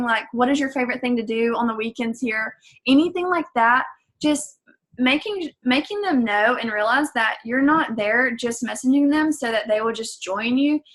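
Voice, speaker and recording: A woman's voice: a little high, a bit bright. A young woman from Georgia, a fitness coach talking her team through tips on a call, chatty and emphatic, acting out sample messages.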